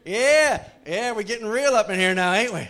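A man preaching a sermon to his congregation in a church, joking with the crowd and swinging from loud calls to hushed pleading. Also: high-pitched, lively intonation, normal speed. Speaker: pastor. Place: church sanctuary.

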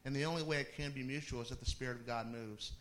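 A middle-aged man preaches in a relaxed, storytelling way, his voice sitting at an ordinary male pitch. He talks to the congregation like friends, restarting sentences and slipping in amused asides. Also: fast. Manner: conversational, with laughing asides and restarts. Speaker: pastor. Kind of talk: sermon storytelling.

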